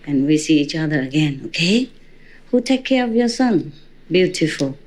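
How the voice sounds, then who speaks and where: A woman's voice: low voice, sing-song, normal speed, a little mellow, slight background noise. A woman spiritual teacher giving an informal dharma talk to a gathering, chatty and teasing, laughing often.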